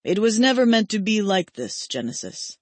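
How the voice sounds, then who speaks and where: A woman narrating an audiobook, voicing an ancient, sorrowful male angel who speaks softly and solemnly. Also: mid-range voice, big pitch swings, moderate pace, no room sound. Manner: soft, hushed, solemn. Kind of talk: audiobook character voice.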